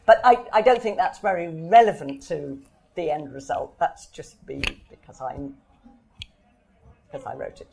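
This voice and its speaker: A woman's voice: low-pitched, expressive, moderate pace, vocal fry, a little mellow, slightly rough. A woman author speaking in a live question-and-answer session, thoughtful and hesitant, often restarting her sentences. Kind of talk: live Q&A conversation.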